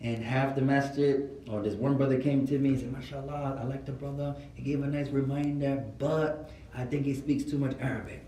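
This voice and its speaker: With a brisk, level delivery and a dark, medium-pitched voice, an Arabic and Islamic studies teacher tells stories to an informal class in both Arabic and English. A little hiss or hum runs through it. The mic picks him up from far away in an echoey room.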